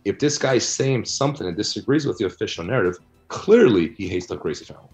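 A middle-aged man answering interview questions about his research, blunt and animated as he argues his points. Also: lowish voice, quick pace, faint music behind. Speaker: guest, researcher and author.

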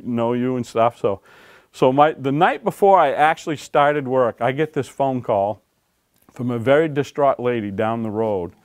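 A man, an author and former game warden, telling stories to a library audience in a folksy, animated way, acting out quotes and laughing along. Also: mid-range voice, clear, resonant tone, dry recording, studio quality. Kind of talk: storytelling talk to an audience. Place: library talk room.

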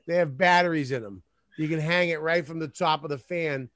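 A man's voice: a little high, fairly quick, fairly bright tone. A man on a podcast as a guest, chatting casually and throwing in wry, offhand comments. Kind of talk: casual chat.

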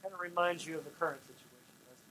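Pastor, sermon, folksy, plays out the scenes in dialogue, mid-pitched voice, faint hiss behind. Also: fast, sharp tone, rough recording. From Oklahoma.

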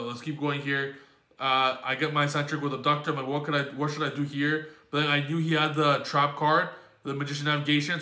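A man's voice: a little high, pushed and bright, roomy sound. A man recapping his card game matches in a rambling, exasperated play-by-play, swearing often. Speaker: YouTube gaming host.

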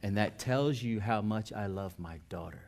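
A male pastor preaching a sermon in a folksy, conversational way, rising to loud emphatic passages and dropping to quiet personal storytelling. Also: on the low side, normal speed.

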